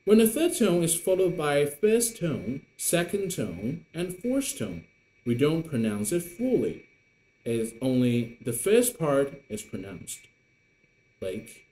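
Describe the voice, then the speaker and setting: A man teaching Mandarin online, slowly repeating words to model the tones. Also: mid-range voice, very animated, dark tone, slight background noise. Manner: slow, deliberate modelling of tones with repetitions. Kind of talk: online language lesson.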